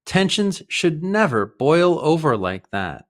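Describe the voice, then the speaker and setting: An American man teaching English idioms in a clear, deliberate way, with short acted example dialogues. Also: a little high, sing-song. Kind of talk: vocabulary lesson with acted dialogues.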